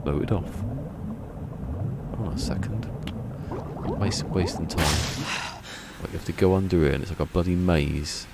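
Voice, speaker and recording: A man's voice: deep voice, measured pace, pauses often. A man giving casual live gameplay commentary, chatty and muttering to himself as he plays, laughing often. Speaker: gameplay streamer. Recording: loud game noise behind.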